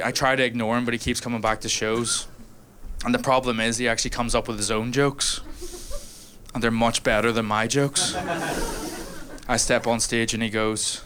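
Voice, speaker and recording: A man's voice: mid-range voice, flat delivery, moderate pace. A Northern Irish man doing a brash live stand-up set, riffing with the crowd and laughing through his lines in a small room. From Northern Ireland. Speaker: stand-up comedian. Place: small converted hotel room, live audience. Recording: noisy live club recording.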